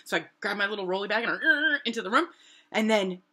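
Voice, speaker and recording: A woman's voice: quick pace, slightly rough. A middle-aged woman from New Hampshire, casually telling her own story and acting out what people said. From New Hampshire, USA. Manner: animated, acts out quoted voices with big pitch jumps.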